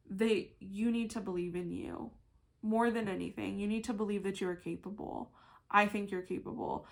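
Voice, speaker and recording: A woman's voice: medium pitch, creaky. A young woman giving a casual pick-a-card tarot reading, chatty and emphatic, full of "like" and casual swearing.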